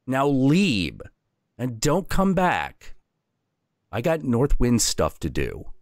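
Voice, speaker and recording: A man voicing a gruff, grumpy male wind spirit who talks bluntly and threatens. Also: mid-range voice, huge pitch swings, takes it slowly, dry recording, clean studio sound, pitched above the performer's own voice, full character voice.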